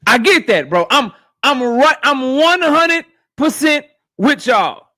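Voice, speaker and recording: A boxing YouTube host with a high voice speaks slowly but animatedly on his livestream. He addresses his chat directly in a loose, profane, casual rant.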